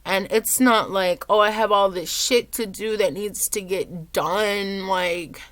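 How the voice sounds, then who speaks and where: A young woman vlogging at home, low and teary, rambling with lots of "like". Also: takes it slowly, a bit bright, no room sound. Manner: rambling, says "like" often. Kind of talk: casual confessional vlog.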